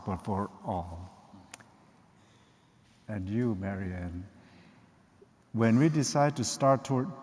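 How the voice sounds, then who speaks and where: Moderator, male, low voice, very slow and measured, hall reverb. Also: darkish tone. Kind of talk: moderating a panel discussion.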